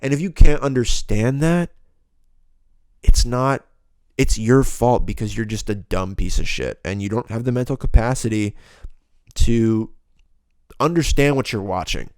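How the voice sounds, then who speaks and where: A man's voice: medium pitch, lively intonation, a little slow, pauses often, darkish tone, clear, resonant tone, no room sound, clean studio sound. A young man hosting a solo podcast, ranting bluntly and profanely in a rambling, casual way. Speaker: podcast host.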